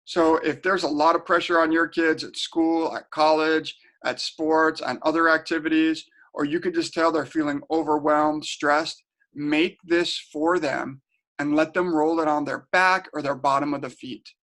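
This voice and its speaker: Man, middle-aged, slightly high voice, casual webinar presenter, rambling storyteller. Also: level tone, moderate pace, a bit bright. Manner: chatty, storytelling, repeats and restarts words. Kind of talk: casual teaching talk. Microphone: home webinar setup.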